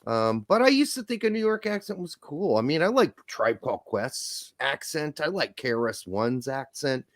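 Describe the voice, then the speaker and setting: Loud, rambling Midwestern man. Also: on the high side, sing-song, normal speed, no echo, studio quality. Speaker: podcast co-host. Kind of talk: casual chat.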